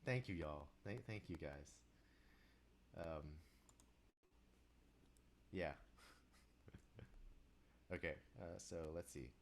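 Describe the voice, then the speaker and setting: Man, very low congested voice, stuffy nose, rambling live-stream chat, faint background hiss. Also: extremely slow, long pauses. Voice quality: deepened, congested voice. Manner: rambling, distracted, chatty with viewers. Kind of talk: casual live-stream chat while working.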